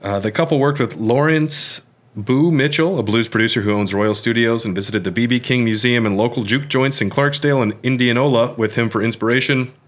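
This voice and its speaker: A man's voice: mid-range voice, a little fast. A man co-hosting a podcast, talking casually about a film with many fillers and restarts. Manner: relaxed, hesitant, lots of fillers and restarts. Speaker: podcast co-host.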